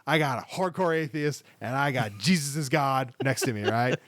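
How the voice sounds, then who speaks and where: A man in his thirties, a podcast co-host telling a long story in casual chat with lots of swearing and animated asides. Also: medium pitch, moderate pace, no echo.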